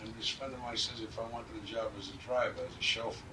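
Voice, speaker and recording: A man's voice: lowish voice, fairly even intonation, fast. An older man with a New York accent telling blunt, streetwise stories in an interview, acting out the dialogue. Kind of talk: anecdotal storytelling. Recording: distant mic with faint background noise.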